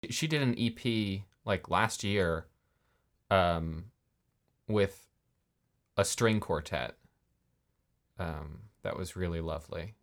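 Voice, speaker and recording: Male podcast co-host, very deep voice, loose rambling delivery. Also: slow, long pauses. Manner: casual, rambling, self-correcting. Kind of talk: casual music discussion.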